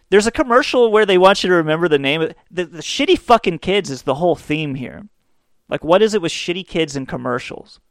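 Profane, animated ranting male podcast host. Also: on the high side, fairly quick, no room sound. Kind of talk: ranting comedy monologue.

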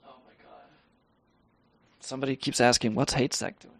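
A man's voice: medium pitch, fairly even intonation, moderate pace, fairly bright tone, no echo. A man hosting a live stream, telling a rambling, profane story with laughs and reading the chat aloud.

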